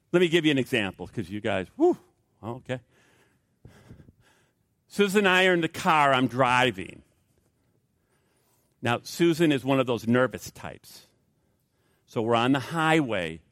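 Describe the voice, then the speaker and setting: Emphatic male preacher with lively pitch. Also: no room sound, clean studio sound. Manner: emphatic, repetitive, with rising outbursts. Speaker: pastor. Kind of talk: sermon.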